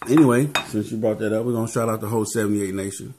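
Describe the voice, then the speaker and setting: A man's voice: fairly low pitch, fairly even intonation, racing, darkish tone. A man giving casual motivational talk as a vlogger, laid-back and tacking "man" onto his phrases.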